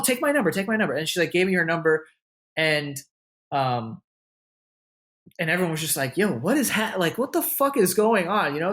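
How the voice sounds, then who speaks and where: A man's voice: fairly high pitch, fairly bright tone. Loose, profane man telling a story. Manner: loose and profane, full of "like" and "you know"; acts out what others said with a raised voice. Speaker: interview guest, content creator. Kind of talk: casual storytelling in an interview.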